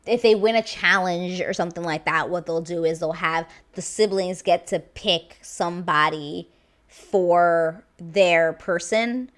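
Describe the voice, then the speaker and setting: A woman's voice: lowish voice, unhurried. A woman giving a chatty, unscripted review of a reality show, full of fillers and restarts. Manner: animated, chatty, lots of fillers. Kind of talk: casual vlog review.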